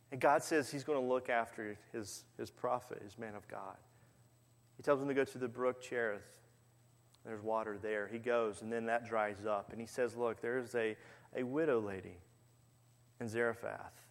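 A man's voice: medium pitch, creaky. A man preaching a sermon, retelling stories and acting out quoted figures with a rising voice. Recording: long hall reverb.

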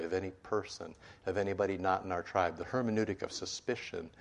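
A man preaching a sermon in a conversational way, with asides and rhetorical questions, in a meeting room with a board. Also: low-pitched.

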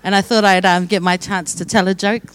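A woman's voice: medium pitch, steady tone, a little fast. A young woman sharing her testimony with a church gathering in a casual, joking way, often laughing as she talks. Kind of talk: sermon testimony.

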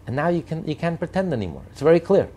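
A man's voice: on the high side, sing-song, fast talker, mellow, breathy edge. A man giving impassioned commentary on politics and morality, driving his points home with repeated rhetorical lists. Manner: emphatic, repetitive rhetorical lists.

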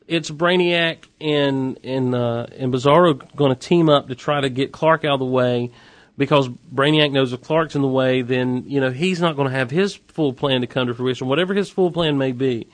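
Guy with a mid-pitched voice rambling through a show recap, dry close sound, lots of wry asides. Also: no echo. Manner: chatty, animated, wry asides. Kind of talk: casual TV episode recap.

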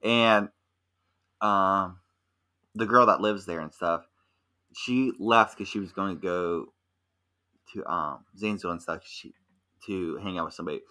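A young man in casual podcast chat, telling a rambling, animated story full of fillers. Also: low voice, measured pace, long pauses. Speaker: podcast co-host.

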